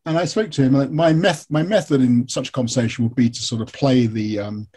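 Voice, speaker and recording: An English man, a biographer being interviewed, telling stories candidly in a relaxed, rambling way. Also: mid-range voice, fairly quick, breathy edge. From England. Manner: candid, storytelling, frequent fillers. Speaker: biographer and author guest. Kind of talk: conversational interview answers.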